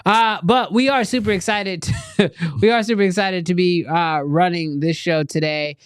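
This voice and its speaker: A man's voice: high voice, normal speed, clear, resonant tone, no echo, clean studio sound. A middle-aged man hosting a casual live show, playful and joking, laughing often. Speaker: podcast host.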